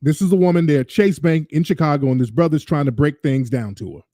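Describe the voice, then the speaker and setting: A man's voice: fairly high pitch, brisk, mellow, dry recording, studio quality. A male show host ranting over a video clip, sarcastic and mocking. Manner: ranting, sarcastic, mimics voices. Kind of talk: commentary over a played clip.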